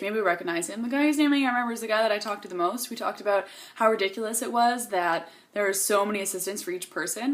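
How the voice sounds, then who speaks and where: A young woman vlogging to camera in a bubbly, gushing, chatty way, tired and coming down with a cold. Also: medium pitch. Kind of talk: casual chat to camera.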